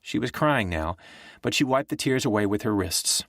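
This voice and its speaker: A man narrating a thriller audiobook in a steady, measured way. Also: on the low side, no echo, studio quality. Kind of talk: scripted narration.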